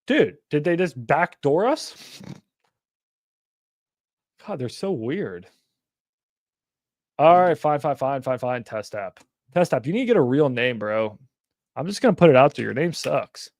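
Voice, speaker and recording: A man's voice: a little high, big pitch swings, measured pace, long pauses, a little mellow, dry recording, studio quality. A young man hosting a casual livestream, talking bluntly and animatedly, with frequent swearing. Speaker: livestream host.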